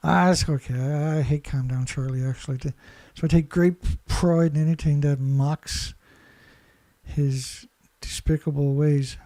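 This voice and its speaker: A man speaks high in his range, close and dry with no room around him. His commentary drips with sarcasm. He tosses out rhetorical questions, laughs at his own jabs and drags out the words he wants to stress. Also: steady tone, a little slow, dark tone, dry recording. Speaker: environmental commentator.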